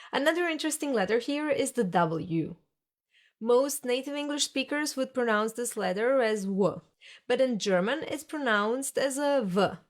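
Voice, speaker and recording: A woman narrating a pronunciation lesson in a patient, explanatory teacher's way. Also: medium pitch. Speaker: language teacher.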